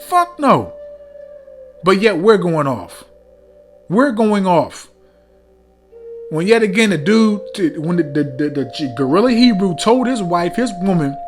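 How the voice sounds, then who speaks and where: A man preaching a heated rebuke sermon, reading scripture between blunt, profane remarks, often stumbling over fillers and repeating "man". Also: sits high.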